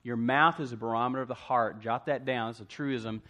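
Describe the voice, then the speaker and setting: A man preaching a sermon to a church congregation, asking "amen?" and swinging from hushed asides to loud emphasis. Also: mid-range voice, fairly even intonation, fairly quick. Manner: call-and-response preaching, asks congregation "amen?". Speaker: pastor.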